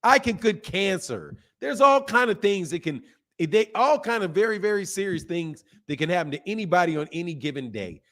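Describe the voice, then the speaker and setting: A man in his fifties hosts a boxing channel, reading live stream chat comments and ranting at them in an animated, exasperated way. His pitch is lively and his pace moderate.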